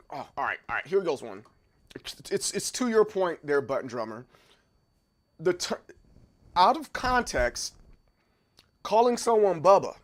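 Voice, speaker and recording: A man in his thirties hosts a livestream, casually working through viewer comments. He thinks aloud, often stopping to repeat words, and his pitch is fairly high.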